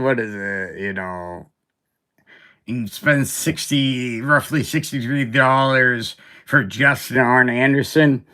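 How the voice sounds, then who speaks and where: Male host, bright forceful tone, casual rambling collector chat. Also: medium pitch. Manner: rambling and animated, with fillers and side remarks.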